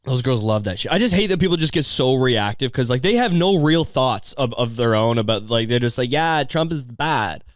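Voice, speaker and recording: A man's voice: medium pitch, animated, fairly quick, hardly any pauses, no room sound, studio quality. A man hosting a comedy podcast, ranting in a crude, sarcastic, rambling way. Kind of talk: crude casual rant.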